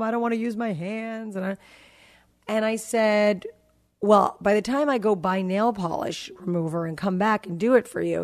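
Woman host, 40s, casual storyteller, acts out family dialogue, mid pitch. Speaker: podcast host. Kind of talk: casual chat.

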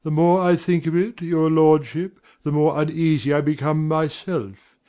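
A man's voice: fairly high pitch, fairly even intonation, unhurried, mellow, close to an everyday voice. A man playing a formal, deferential butler in an amateur drama reading. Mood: respectful. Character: faithful, deferential male butler.

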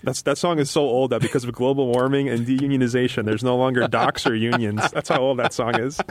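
A man co-hosting a podcast, teasing his partner in quick casual banter. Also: mid-range voice, steady tone. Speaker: podcast co-host. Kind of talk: casual chat.

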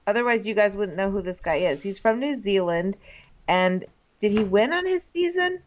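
A woman's voice: medium pitch, expressive, moderate pace, a little hiss or hum. A woman co-hosting a casual podcast, chatting wryly about a dating show. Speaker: podcast co-host. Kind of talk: casual chat recapping a reality dating show. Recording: dull lo-fi sound.

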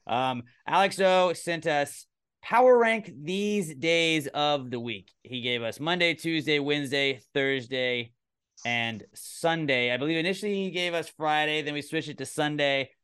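A man's voice: fairly high pitch, a little slow, fairly bright tone, smooth. A man hosting a casual comedy podcast, talking in a loose, rambling way and swearing now and then. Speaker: podcast host.

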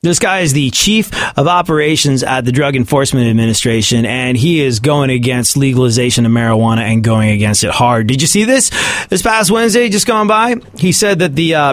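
A man's voice: medium pitch, expressive, a little fast, no room sound, clean studio sound. A man giving sarcastic comedic commentary on the news and often laughing at his own points.

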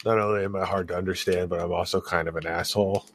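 A man's voice: deep voice, steady tone, fast, gravelly, a little hiss or hum. A man with a Massachusetts accent, wisecracking bluntly as a podcast co-host. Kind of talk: casual chat.

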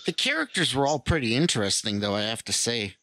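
A man's voice: medium pitch, very animated, fast talker, bright, forceful tone, no echo. A man in a casual film discussion, laid-back, mostly giving short agreeing replies with some casual swearing.

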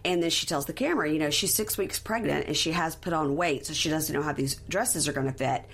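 A woman co-hosting a podcast, retelling a reality show in casual chat and acting out quoted lines in high, animated voices. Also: quick pace, slightly rough.

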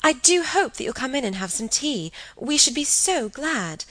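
A woman voicing a thoughtful, earnest young woman who speaks politely and gently chides in an audiobook. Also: mid-range voice, expressive, normal speed, no room sound, rough recording.

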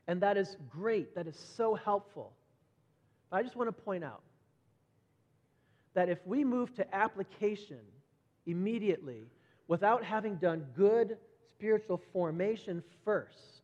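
A middle-aged man preaching a sermon conversationally, repeating words as he goes and brightening when he acts out quoted voices. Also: high-pitched, animated, normal speed. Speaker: pastor. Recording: dull lo-fi sound with long hall reverb.

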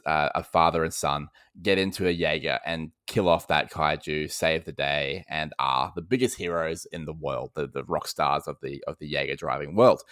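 A man's voice: rumbling low, fairly bright tone, clean tone, no echo, studio quality. An Australian man hosting a casual film podcast, ranting animatedly and breaking into laughs. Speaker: podcast host.

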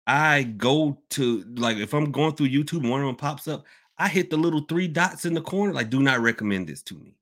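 A man hosting a casual podcast Q&A, rambling and animated, swinging between loud outbursts and low mutters. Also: normal speed. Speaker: podcast host. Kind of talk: casual live Q&A chat.

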